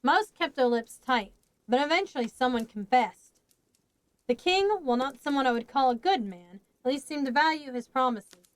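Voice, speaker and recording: A woman's voice: high-pitched, lively intonation, normal speed, clear, resonant tone, no echo, poor audio. A woman voicing a weary, blunt grown man in a storybook reading, talking plainly.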